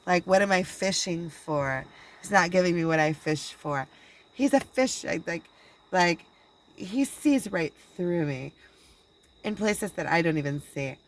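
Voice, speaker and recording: Rambling low-voiced woman talking to camera. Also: lively intonation, poor audio. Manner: rambling, halting, with many restarts and quoted dialogue. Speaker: spiritual channeler and video blogger. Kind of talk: casual personal monologue.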